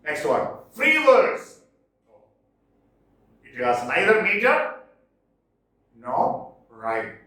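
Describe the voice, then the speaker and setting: Animated teacher lecturing in an echoey room. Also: male voice, fairly high pitch. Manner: repeats key terms slowly, stresses exam points. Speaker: English literature teacher. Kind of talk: classroom lecture. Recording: echoey room, voice far from mic.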